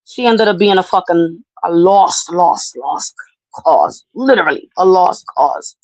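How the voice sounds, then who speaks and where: A woman hosting a casual talk show, telling a family story in a brash, profane and animated way. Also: fairly low pitch, a little slow, low-quality recording. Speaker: podcast host.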